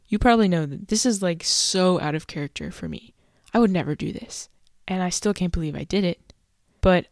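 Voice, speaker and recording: A woman's voice: fairly low pitch, a little mellow, no room sound, clean studio sound. A young woman hosting a solo podcast, chatty and self-deprecating, laughing as she tells her stories. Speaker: podcast host.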